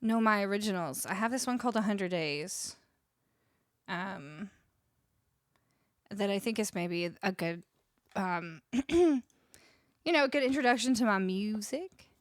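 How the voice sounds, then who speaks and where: A young Canadian woman, a music streamer, chats casually with her live stream viewers in Canadian English, laughing often and reading their messages aloud. Her mid-range voice moves at a measured pace with frequent pauses. The dry, studio-quality recording was made on a studio vocal mic.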